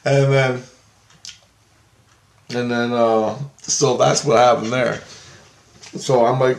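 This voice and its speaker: A man's voice: medium pitch, fairly even intonation, slow pace, gravelly, long pauses, roomy sound. A man rambling through a personal story in a casual monologue, restarting and repeating himself. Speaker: vlogger.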